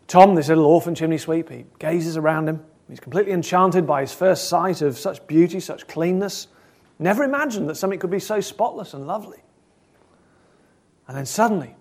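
Earnest male preacher, probing questions. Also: on the high side. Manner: earnest, probing questions, swings between loud and soft. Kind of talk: sermon.

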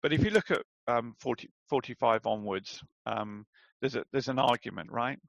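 A man's voice: medium pitch, normal speed, creaky, dry recording, rough recording. A man preaching a sermon in a conversational way, asking rhetorical questions and calling his listeners friends.

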